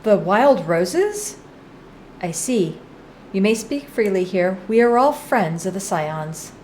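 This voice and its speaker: A woman reading aloud the lines of a gentle male priest from a game, in a solemn, formal manner over faint music. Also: mid-range voice, animated, slow pace, a little hiss or hum, voice pushed down. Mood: kindly.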